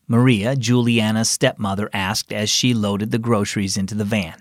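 A man hosting and narrating a children's devotional radio program, telling the story in a friendly, expressive studio voice. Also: fairly low pitch, moderate pace, dry recording. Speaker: host and narrator.

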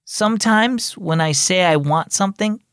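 A man voicing a remorseful young girl who was caught stealing, speaking earnestly and softly in a story for children. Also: high-pitched, moderate pace, clear, resonant tone, no echo, studio quality, pitched above the performer's own voice.

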